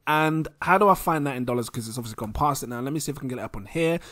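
A young man with an English accent rambles excitedly through a casual screen-share commentary as a crypto vlogger, laughing at himself. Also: medium pitch, rapid-fire, no echo, clean studio sound. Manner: excitable, giggly, rambling, self-mocking.

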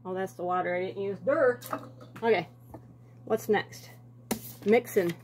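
A woman's voice: mid-range voice, fairly even intonation, moderate pace, darkish tone. A woman, talking to herself and her viewers as she bakes in her home kitchen, with rambling asides. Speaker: home cooking vlogger. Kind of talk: casual kitchen chat.

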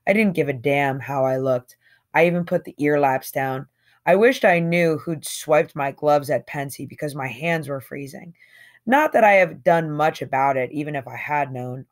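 A woman reading a novel aloud in a conversational, slangy first-person voice with emphatic swings. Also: low voice. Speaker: audiobook reader.

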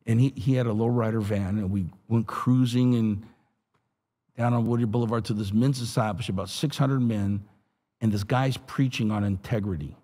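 A middle-aged man, a pastor, telling his testimony in an animated, street-talking way. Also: medium pitch, moderate pace, breathy edge. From Los Angeles area. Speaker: pastor and guest. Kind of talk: storytelling testimony.

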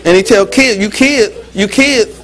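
A man preaching a lively, humorous sermon as pastor in a church, with call-and-response. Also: sits high, unhurried. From United States.

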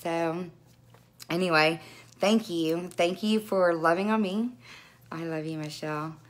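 A young woman chatting live on camera at home, excited and emotional as she gushes about beauty products. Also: on the low side, unhurried. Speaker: direct sales vlogger. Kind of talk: casual live video chat. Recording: echoey room with faint noise.

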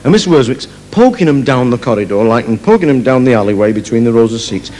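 A man's voice: medium pitch, lively intonation, fast, a little mellow, a little hiss or hum. A man doing live stand-up storytelling on stage, chatty, with many asides of "right?". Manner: chatty, keeps adding "right?". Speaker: stand-up comedian. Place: opera house stage. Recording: live concert recording with audience.

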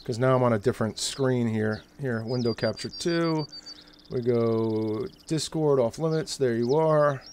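Host voice: a male streamer, energetic and casual, swears, narrates his own fiddling with the setup, faint noise behind. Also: medium pitch, unhurried. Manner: energetic, swearing, thinking aloud while fiddling with settings. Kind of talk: live stream chat.

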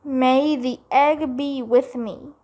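A woman's voice: high voice, lively intonation, measured pace. A woman doing a dramatic scheming little boy.

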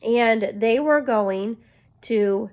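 A woman's voice: a little high, extremely slow. A woman vlogger at home, telling an earnest, rambling faith testimony to her viewers. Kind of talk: casual faith testimony to camera. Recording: dull lo-fi recording.

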